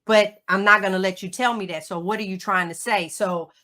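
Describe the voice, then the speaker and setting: Bright-voiced woman telling a grief story. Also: medium pitch, brisk. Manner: emotional, animated storytelling with Southern turns of phrase. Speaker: guest. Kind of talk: personal storytelling. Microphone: livestream call.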